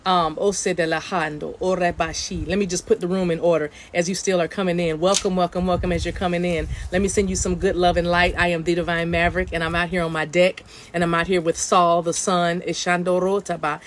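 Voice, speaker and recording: A woman's voice: fairly low pitch, little pitch movement, fast, few pauses, slight background noise. Chatty woman giving a spiritual reading. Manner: chatty, repeats phrases, chants in light language. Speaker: spiritual reader. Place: outdoors on her deck.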